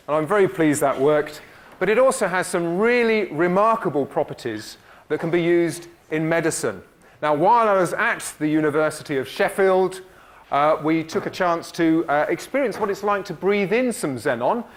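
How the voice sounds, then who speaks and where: A man giving a live science demonstration lecture to an audience, upbeat and encouraging. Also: on the high side.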